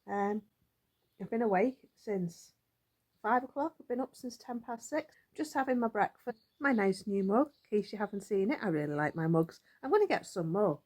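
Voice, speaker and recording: A woman's voice: mid-range voice, expressive, normal speed, a little mellow. A woman chatting casually to her vlog audience, rambling and thinking aloud as she goes. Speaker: vlogger. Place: outdoors in a yard.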